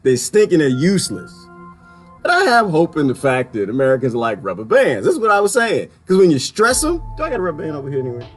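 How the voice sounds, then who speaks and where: A man ranting in a casual vlog, swinging from loud outbursts to quiet mutters and laughing often, with folksy talk. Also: a little high, huge pitch swings, fast talker, faint music behind. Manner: folksy, uses "y'all". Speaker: vlogger. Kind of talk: ranting monologue.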